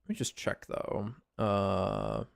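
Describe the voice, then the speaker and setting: A man's voice: on the low side, very animated, slow pace, vocal fry. A man streaming a game in casual commentary; he rambles, swears freely and stammers on restarts.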